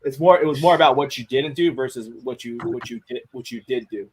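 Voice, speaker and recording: Man, podcast chat, candid, swears, stumbling restarts, mid pitch. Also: fairly quick, slight background noise. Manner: candid, profane, many restarts. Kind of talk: casual chat.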